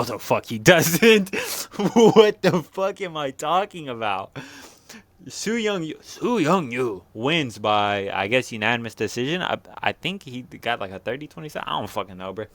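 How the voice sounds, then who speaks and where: A young man talking through a fight card recap in loose, rambling slang, swearing nearly every line. His voice sits at an ordinary middle pitch, and the sound is dry and close with no room echo. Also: a bit bright, smooth. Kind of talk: casual profane fight recap.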